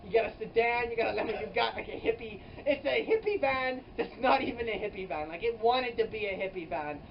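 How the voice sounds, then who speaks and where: A rambling comic storyteller who piles up "like"s and restarts, with sudden exaggerated jumps in pitch and loudness. The voice is caught by a camera mic some distance away in a hot indoor room. The sound is dull, with a faint air-conditioner hum behind it. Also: a little fast, gravelly. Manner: rambling, filler-heavy, with frequent "like" and restarts. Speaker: comedy vlogger.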